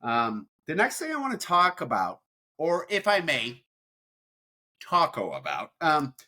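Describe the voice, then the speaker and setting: A man's voice: a little high, wildly swooping pitch, a little slow, pushed and bright. A man co-hosting a podcast in casual chat, rambling and repeating words as he talks. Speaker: podcast co-host.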